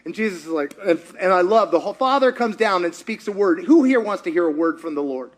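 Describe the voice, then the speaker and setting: High-voiced animated male pastor. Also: fast. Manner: animated storyteller, acts out quotes, asks the audience. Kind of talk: sermon.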